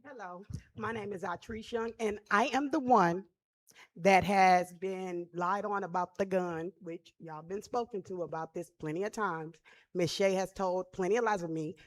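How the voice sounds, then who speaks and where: A woman's voice: medium pitch, normal speed. Heated, blunt woman at a podium. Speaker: parent speaking at public comment. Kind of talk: public comment at a school board meeting. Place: school board meeting room.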